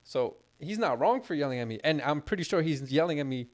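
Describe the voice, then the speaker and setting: A man's voice: on the high side, lively intonation, fairly quick. A young man co-hosting a casual podcast, talking bluntly and animatedly with lots of swearing. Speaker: podcast co-host.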